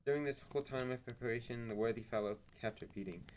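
A man narrating a novel aloud in a measured, deliberate reading on a livestream. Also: medium pitch, slight background noise, rough recording. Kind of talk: audiobook-style narration.

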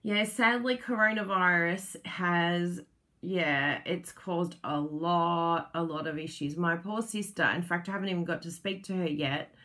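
An Australian woman hosts a crafting livestream and chats easily with her viewers, her voice a little low and her pace unhurried. She laughs often and lets her thoughts wander and trail off as she talks. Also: a bit bright. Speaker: crafting channel host. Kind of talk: casual livestream chat with viewers.

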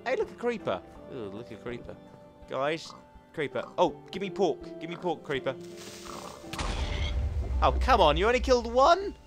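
A young man commenting as he plays a video game, chatty and excitable, talking to the animals in the game. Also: a little high. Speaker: gaming commentator. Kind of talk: playing a game with live commentary.

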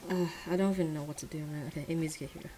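A young woman giving casual commentary while pulling in a gacha game, drifting between quiet, mumbled disappointment and sudden shrieks of excitement. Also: very fast, soft background music, poor audio. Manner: swings from mumbled low sighs to shrieking excitement. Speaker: gacha gaming streamer.

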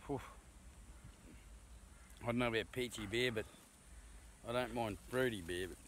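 A man with an Australian accent tasting beer outdoors with a mate, exclamatory, swearing and quick to laugh. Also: mid-range voice, a bit bright, a little hiss or hum. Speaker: co-host. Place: outdoors in the bush.

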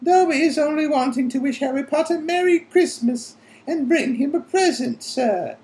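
A man voicing an anxious, squeaky male house-elf in a storybook reading. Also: animated, normal speed, darkish tone, poor audio. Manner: squeaky, eager and apologetic.

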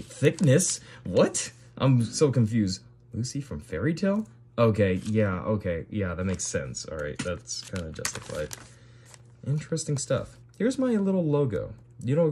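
A young man with a lower voice talks casually as he flips through an old sketchbook. His pitch swings widely between baffled questions and quiet asides, and faint noise sits behind him. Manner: bewildered, animated reactions, trailing off with fillers. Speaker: video creator.

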